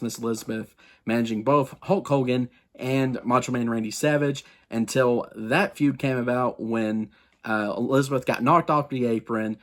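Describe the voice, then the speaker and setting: A man hosting his own wrestling history show, talking in a loose, conversational way at a middling pitch. He rambles, corrects himself as he goes and speaks straight to his viewers with his own opinions. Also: fairly bright tone. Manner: rambling and chatty, with frequent asides and self-corrections; opinionated, addresses viewers directly. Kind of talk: casual history talk to camera.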